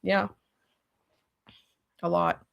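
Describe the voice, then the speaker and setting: A woman's voice: fairly low pitch, flat delivery, extremely slow, creaky. A middle-aged woman telling her story as an interview guest, urgent and emphatic, often acting out her own past words. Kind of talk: emotional personal storytelling.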